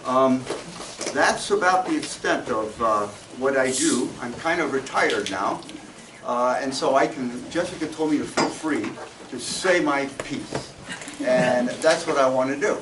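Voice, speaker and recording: An older man in his seventies lectures to an audience, speaking haltingly and often restarting his sentences. He sits at a mid-range pitch and sounds distant from the mic, in a roomy, echoing space with steady ambient noise. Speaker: guest speaker. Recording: distant, echoey, with room noise.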